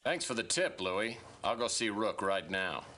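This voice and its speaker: A man's voice: lowish voice, lively intonation, normal speed, sharp tone. An actor voicing an easygoing, down-on-his-luck male detective in a 1990s adventure game. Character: down-on-his-luck detective man, laid-back.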